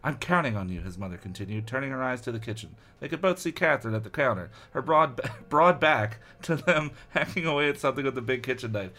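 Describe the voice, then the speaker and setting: A man reading a children's horror book aloud on a comedy podcast, joking and laughing along. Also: medium pitch. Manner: joking, animated, quick to laugh.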